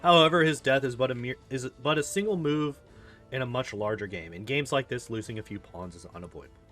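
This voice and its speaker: A man's voice: medium pitch, fairly quick, a bit bright, natural voice. A man reading aloud as a haughty, scornful female demon queen in a video game, cold and mocking, with faint music behind. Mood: regal.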